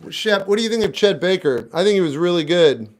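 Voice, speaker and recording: A man in his fifties reading live chat questions aloud and answering them with blunt, deadpan one-word replies. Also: sits high, fairly quick, soft background music. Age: 50s. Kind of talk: casual live-stream chat.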